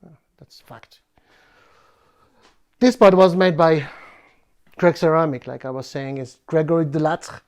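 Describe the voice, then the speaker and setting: A man from France with a French accent, hosting a bonsai video in a playful, halting way with many fillers. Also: fairly high pitch, darkish tone. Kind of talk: casual presentation.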